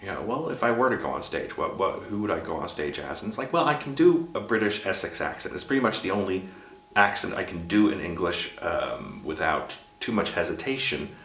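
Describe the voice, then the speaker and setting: A man's voice: deep voice, expressive, fairly quick, fairly bright tone. A man in his fifties from Sweden, speaking with a chosen American accent in a candid, chatty vlog monologue full of asides and restarts. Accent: American, put on by a Swedish speaker. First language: Swedish. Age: 50s. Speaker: vlogger. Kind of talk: casual personal monologue. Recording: roomy echo.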